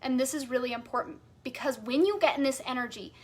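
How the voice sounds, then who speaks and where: A woman with a high, bright-toned voice teaches a live coaching masterclass. She talks casually with "like" and "right?" and leans on repeated phrases for emphasis. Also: fast talker. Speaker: sales and human design coach.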